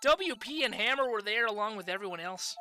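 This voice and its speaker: A woman's voice: mid-range voice, animated, a little fast, sharp tone, soft background music. A woman voicing a polite young female studio assistant with an attempted Canadian accent, apologetic and fussy.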